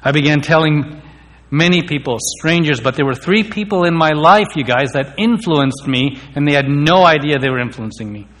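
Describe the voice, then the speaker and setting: A man's voice: fairly high pitch, moderate pace, a bit bright. A man telling his personal faith testimony in an earnest way, sometimes stammering on key words. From India. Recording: long reverb of a hall.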